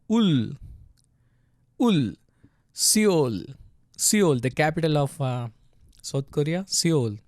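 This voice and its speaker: A man's voice: medium pitch, darkish tone, no echo, studio quality. A man teaching a casual tutorial, patiently sounding out syllables and checking in with "right?" after each step. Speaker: language teacher.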